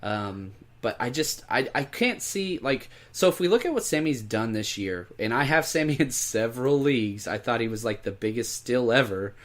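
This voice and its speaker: Speaking at a moderate clip with barely a pause, this man has a medium-pitched voice and lively intonation. He co-hosts a podcast, casually running through fantasy football picks and emphatically urging listeners to go grab players.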